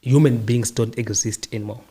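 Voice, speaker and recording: Podcast host, male, husky tone, calm and reflective answers in repeated short lines. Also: mid-range voice, normal speed. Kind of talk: casual interview answers.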